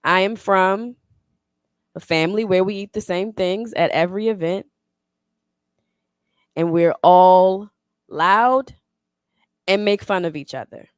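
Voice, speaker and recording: A woman reading her own spoken word poem slowly and deliberately, then leading a youth poetry circle. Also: medium pitch, clear, resonant tone, no echo, studio quality. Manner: slow, deliberate poetic delivery. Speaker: workshop facilitator.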